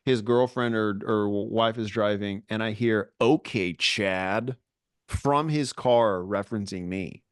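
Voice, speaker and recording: Man co-host, lower voice, jokey rambling anecdotes, dry booth sound. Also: a little slow, few pauses, clear, resonant tone, no echo. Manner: rambling storyteller, self-mocking. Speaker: podcast co-host. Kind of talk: casual comedic chat.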